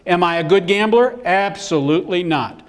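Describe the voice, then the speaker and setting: At a live seminar, a middle-aged man speaks on business in a high voice at normal speed. He's an animated storyteller who performs the quotes in his anecdotes.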